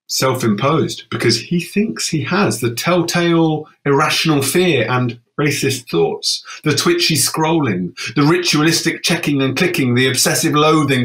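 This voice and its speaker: A man performing his own poetic text on a festival stage, moving from brisk sarcasm to hushed, slow gravity. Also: mid-range voice. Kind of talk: dramatic spoken-word performance. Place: festival stage, live audience.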